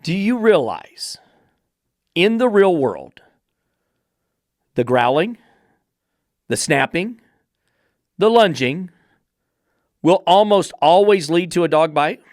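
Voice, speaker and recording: On his dog training podcast, a man rants bluntly and sarcastically, swearing freely as he gets fired up. His voice is high and animated yet slow, with long pauses, and the studio-quality recording has no room sound.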